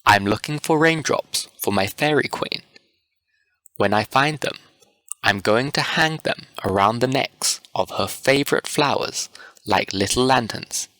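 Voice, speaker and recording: Busy little fairy girl, man reading her, hurried, storybook, dry close sound. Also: mid-range voice, sharp tone, no echo, rough recording. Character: female fairy servant of a queen, hurried.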